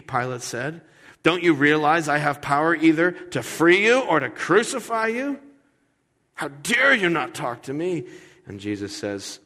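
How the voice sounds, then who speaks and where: Pastor guy preaching, lowish voice, gets loud then quiet, big hall echo. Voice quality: conversational, voice swings from loud to hushed. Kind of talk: sermon. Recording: long hall reverb.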